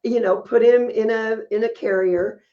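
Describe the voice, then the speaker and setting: A woman's voice: fairly high pitch, fairly even intonation, normal speed, lo-fi sound. A woman co-hosting a podcast, telling stories in casual chat and laughing often as she talks. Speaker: podcast co-host.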